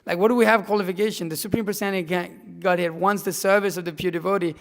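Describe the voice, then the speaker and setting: A young man with a fairly high, gravelly voice tells a casual, heartfelt story to a scripture class, rambling and restarting his sentences. His words ring out with a long reverb in a hall. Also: steady tone, very fast, a bit bright. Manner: rambling with many likes and restarts. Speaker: devotee sharing at a scripture class.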